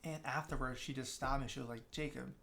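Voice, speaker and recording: A man's voice: medium pitch, fairly even intonation, fairly quick, vocal fry, a bit bright, a little hiss or hum. A young man, a podcast guest, telling a long story in casual chat, with many restarts, and acting out what other people said. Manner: rambling, many restarts, acts out quoted people.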